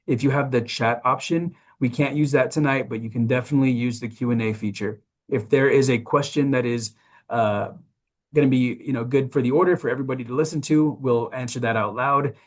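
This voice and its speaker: A man's voice: medium pitch, steady tone, brisk. A man moderating a webinar over a video call, giving housekeeping announcements in an upbeat, encouraging, conversational way.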